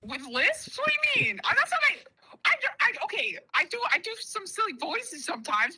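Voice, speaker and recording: A woman's voice: very high voice, big pitch swings, normal speed, bright, forceful tone, low-quality recording. A woman on a streaming call, chatting animatedly, laughing often and swearing casually.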